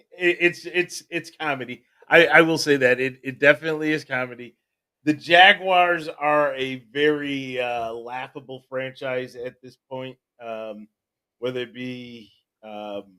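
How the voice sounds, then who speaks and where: A man's voice: medium pitch, a bit bright. A man with a plain mid-range voice co-hosts a casual sports show. He mostly agrees with his partner, repeating his first words before finding the sentence. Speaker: sports podcast co-host.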